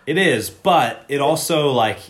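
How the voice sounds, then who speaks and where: A man running a casual podcast segment, chatty and teasing. His voice sits in an ordinary middle pitch. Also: lively intonation, unhurried. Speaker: podcast co-host. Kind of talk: casual chat.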